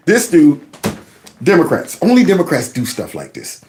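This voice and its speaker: This is a man running his own commentary vlog. He talks in a folksy, mocking way, and his pitch swoops widely while sitting somewhat high for a man. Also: wildly swooping pitch, normal speed, darkish tone, slight background noise. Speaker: commentary channel host.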